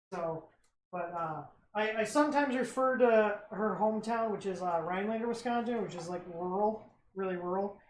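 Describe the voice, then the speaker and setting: An American man hosting a livestream, chatting casually and teasing with frequent laughs. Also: high voice. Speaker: livestream host. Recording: roomy echo, faint background noise.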